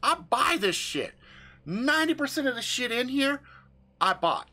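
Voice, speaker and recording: A man's voice: very high-pitched, big pitch swings, a little slow, sharp tone. A man venting on his livestream in a room full of his gear, casual and profane, with emphatic swearing. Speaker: livestream host.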